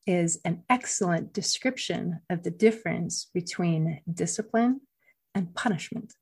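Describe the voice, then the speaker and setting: A middle-aged woman speaks as a guest on a podcast, setting out her points in a measured, explanatory way. Her voice is husky and lower than most women's. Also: a little mellow. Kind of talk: conversational podcast talk.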